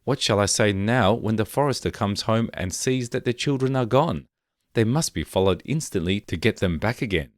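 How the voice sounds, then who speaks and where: A man's voice: lowish voice, lively intonation, moderate pace, dry recording, close to an everyday voice. A man voicing a cruel old woman cook who scolds her servants, in a dry recording. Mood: alarmed.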